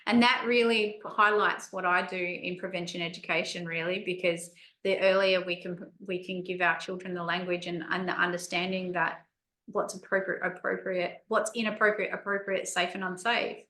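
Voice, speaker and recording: A woman hosts a podcast interview and answers her guest with supportive, reflective remarks, often restarting her sentences. Her bright, forceful voice echoes around a roomy space. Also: fairly low pitch, steady tone, normal speed. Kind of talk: interview conversation. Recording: roomy echo.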